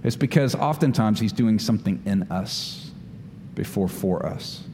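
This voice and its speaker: A pastor giving a sermon, talking animatedly and acting out the voices of Bible figures. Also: male voice, medium pitch, mellow. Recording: long hall reverb, faint room noise.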